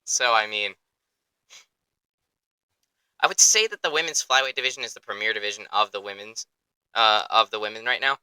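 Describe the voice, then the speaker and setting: A young man hosting a sports podcast in an excitable, rambling, profane way, close to the mic. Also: lowish voice, normal speed, pauses often, smooth, no echo, poor audio. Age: young adult. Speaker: podcast host. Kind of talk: casual chat.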